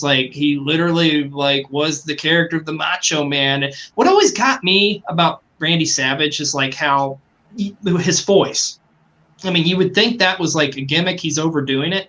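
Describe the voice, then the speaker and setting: A man's voice: fairly high pitch, pushed and bright. A man co-hosting a podcast, chatting casually and enthusiastically, rambling with fillers and swearing now and then. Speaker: podcast co-host. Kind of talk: casual chat.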